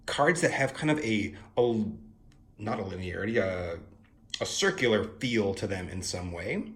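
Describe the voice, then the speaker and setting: Young male reviewer, lowish voice, relaxed chatty musing with jokey asides. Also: unhurried. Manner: musing, playful asides, frequent fillers. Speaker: tarot deck reviewer. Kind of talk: casual spoken art review.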